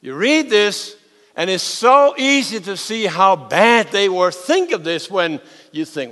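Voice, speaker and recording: A man, a pastor preaching a sermon, telling the story with animated swings from loud to hushed. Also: sits high, unhurried. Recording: long hall reverb.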